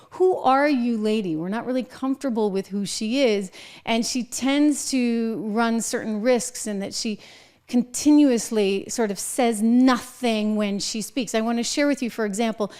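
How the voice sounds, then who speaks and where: Middle-aged woman host; opinionated political commentary, sarcastic and animated, slightly high voice. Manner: sarcastic, animated, mocking asides.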